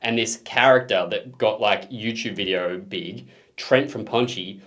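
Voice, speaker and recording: A man's voice: on the low side, unhurried, fairly bright tone. Easygoing man explaining casually. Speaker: co-host of a music reaction show. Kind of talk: casual reaction chat.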